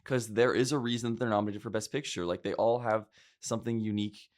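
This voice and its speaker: A young man with a somewhat low voice, co-hosting a casual podcast. He talks earnestly and with feeling, and grows animated over what he cares about. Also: fast talker. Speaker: podcast co-host. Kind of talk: casual chat.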